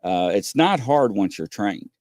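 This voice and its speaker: A man hosting a casual podcast, telling stories with lots of pauses and acting out what people said. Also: fairly low pitch, very animated, darkish tone, no echo, clean studio sound. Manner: rambling storyteller, many "uh" pauses, acts out quotes. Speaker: podcast host. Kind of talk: casual chat.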